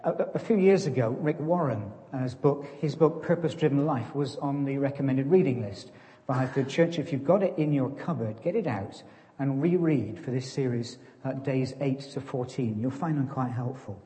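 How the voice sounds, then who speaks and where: A man preaches to his congregation in an easy, conversational way, poking fun at himself. His voice is mellow and relaxed. The sound rings with the long reverb of a church. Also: medium pitch, normal speed. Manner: conversational, self-deprecating, plays farmer joke. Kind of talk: sermon.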